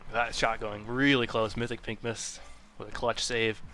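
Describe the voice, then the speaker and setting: A man calling live play-by-play for an online game tournament, quick and jokey. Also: on the low side, level tone, bright, forceful tone, a little hiss or hum. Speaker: esports caster.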